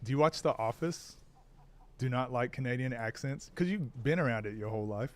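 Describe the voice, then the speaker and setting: A man's voice: mid-range voice, a little fast. An American man chatting casually on a live stream, answering chat while he plays a game. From United States.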